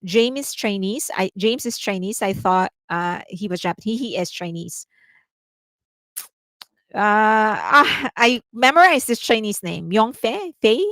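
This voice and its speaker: A woman's voice: mid-range voice, lively intonation, measured pace, fairly bright tone, no room sound. A woman hosting a casual live-stream commentary, chatty, often restarting her sentences and laughing easily. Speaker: commentary channel host.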